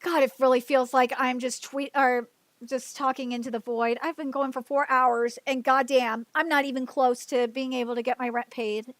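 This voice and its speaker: A woman's voice: sits high, level tone, normal speed, fairly bright tone, no echo. A woman hosting a livestream, ranting heatedly and profanely, rambling with restarts and fillers. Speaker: livestream host. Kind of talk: livestream commentary rant.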